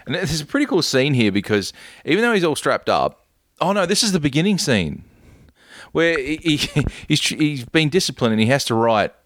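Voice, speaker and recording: A man co-hosting a casual film-review chat, retelling scenes with lively storytelling and acting out the characters' lines. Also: on the high side, moderate pace, no echo. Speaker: podcast co-host.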